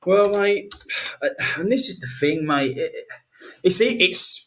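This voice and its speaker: A man co-hosting a casual podcast, animated and encouraging, swearing and calling his friend mate. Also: high voice, slow pace, a little hiss or hum. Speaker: podcast co-host.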